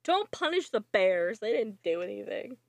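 A woman co-hosting a podcast, trading quick quips in casual movie chat. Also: medium pitch, very animated, vocal fry, no room sound. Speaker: podcast co-host.

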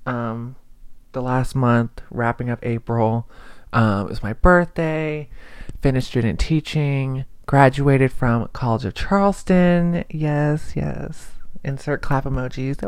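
A man's voice: mid-range voice, no room sound. A young man hosting a podcast, chatting casually on his own in a rambling, self-deprecating way. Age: young adult. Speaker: podcast host. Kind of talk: casual solo podcast chat.

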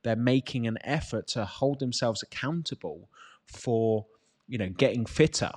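A man's voice: medium pitch, animated, a little slow, a little mellow, breathy edge. A British man in his thirties coaching people on fitness and mindset in a loose, chatty way. He talks bluntly and with energy, swearing freely as he makes his points. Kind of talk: casual motivational talk.

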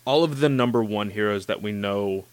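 A man hosting a casual chat about anime, gushing and excitable, with lots of "like" and "you know". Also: lowish voice, normal speed, no echo. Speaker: podcast host discussing anime.

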